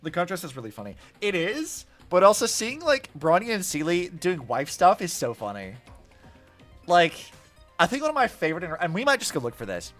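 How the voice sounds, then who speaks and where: A young man gives loose, chatty commentary as he plays, his pitch swinging up and down with lively energy. His voice sits a little high for a man, and he keeps talking through a stream of fillers. Soft game music plays underneath. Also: a little fast. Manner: chatty, animated, many likes and fillers. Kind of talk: casual gameplay commentary. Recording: faint music behind. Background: faint game music.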